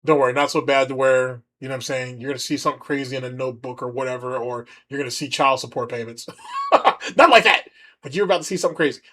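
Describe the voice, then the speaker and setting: A man's voice: medium pitch, fairly even intonation, racing, few pauses, a bit bright. A man hosting a livestream, rambling and mocking as he comments on a video. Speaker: streamer host.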